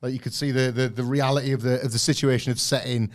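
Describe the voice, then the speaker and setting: Podcast co-host, rambling analysis. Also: male voice, medium pitch, level tone, fast talker. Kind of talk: casual review chat.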